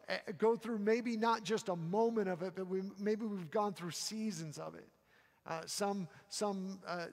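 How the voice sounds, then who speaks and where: Man preaching, high voice, conversational and halting, long hall reverb, sermon. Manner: conversational, halting with frequent repeats. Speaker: pastor.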